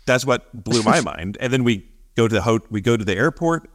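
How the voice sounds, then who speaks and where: A man co-hosting a podcast, telling a story in casual chat, animated, acting out the voices of the people he quotes and laughing often. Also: mid-range voice, brisk. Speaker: podcast co-host.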